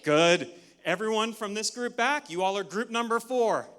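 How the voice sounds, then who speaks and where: A man giving an energetic, interactive talk at a conference, leading the audience through counts, a little out of breath. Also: high-pitched, normal speed, smooth. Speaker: conference speaker. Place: large conference hall. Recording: long hall reverb.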